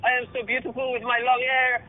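A man's voice: very high voice, monotone. A man voicing a smug, boastful male cyclist rival, over a phone line. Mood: smug taunting. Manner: taunting, drawn-out mock accent.

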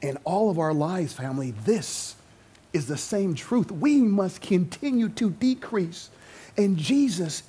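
A man's voice: high-pitched, husky. A male pastor preaching a sermon to his congregation, acting out quoted voices as he goes. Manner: animated, acts out quotes in voices. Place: church sanctuary.

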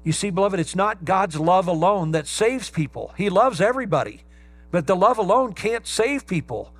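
A male pastor preaching a sermon, stressing key words slowly and emphatically. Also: sits high, animated.

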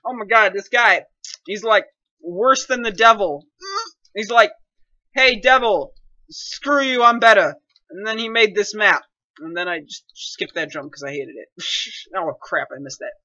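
A young man giving excitable, complaining, self-mocking commentary while playing a game. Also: sits high, normal speed, no room sound, muffled recording. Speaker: gaming commentator. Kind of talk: casual gameplay commentary.

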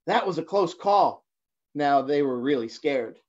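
Halting man reading a picture book aloud. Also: on the high side, expressive, darkish tone. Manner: halting, with fillers and stammered restarts. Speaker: guest reader. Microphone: phone or laptop for a livestream. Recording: dull lo-fi livestream audio.

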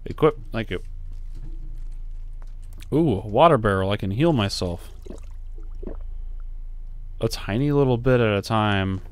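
A man's voice: lowish voice, animated, a little slow, long pauses. A man giving casual commentary while playing a video game, thinking aloud and musing as he goes. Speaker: let's play streamer.

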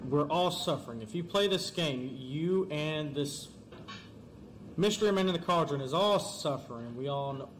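A man giving let's-play commentary, talking fast and excitably and pleading and yelling at the game. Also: a little high, a little hiss or hum. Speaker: gamer.

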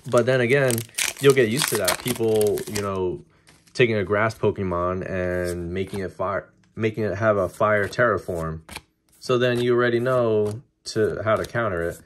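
A man casually talking through a card-opening video, chatty and excitable as he reacts to each pull. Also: on the low side, normal speed, slight background noise.

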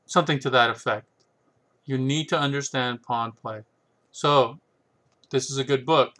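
A chess book reviewer with a sharp, medium-pitched voice talks casually on his own, rambling about his books. He tosses in sarcastic asides and keeps checking in with "right?".

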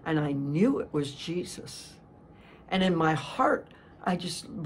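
An older woman giving a sermon, telling a personal testimony in an earnest, slow storytelling way with frequent restarts. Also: low-pitched, animated, husky. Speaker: speaker giving a testimony talk.

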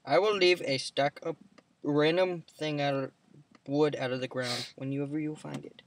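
A man's voice: fairly high pitch, steady tone, moderate pace. Sarcastic gamer guy, distant mic. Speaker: co-player. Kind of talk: casual gaming chat. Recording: distant mic with faint noise.

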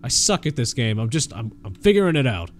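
A young man giving excitable live gameplay commentary, swearing and laughing as he reacts. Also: medium pitch, a little fast. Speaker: streamer.

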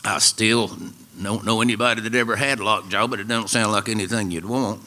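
A man's voice: on the low side, steady tone, a little fast, bright, forceful tone, a little hiss or hum. An older man from East Tennessee with a local accent, telling a wry, folksy story to a live radio studio audience. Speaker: storyteller and musician.

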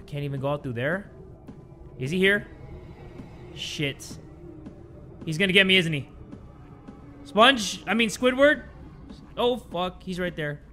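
Excitable high-voiced gaming man. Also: normal speed, pauses often, soft background music. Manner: excitable, swearing, jumping to yelps. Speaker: gaming video host. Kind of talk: horror game commentary.

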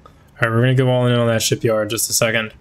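A male streamer talks over his game in loose, slangy chatter. He swears here and there. His voice sits at a middle pitch. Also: flat delivery, racing, clean tone. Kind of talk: gaming commentary.

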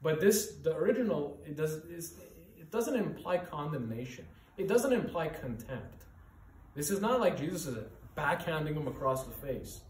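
A man's voice: a little high, very animated, moderate pace, distant mic. A male pastor preaching a sermon with urgent, earnest rhetorical questions. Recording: echoey room, voice from off-mic.

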